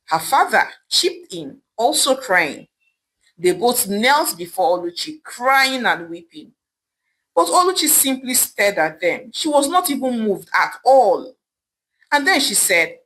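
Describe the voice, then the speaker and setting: A woman narrating a folktale in a dramatic, expressive way. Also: on the high side, measured pace, low-quality recording. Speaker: storyteller.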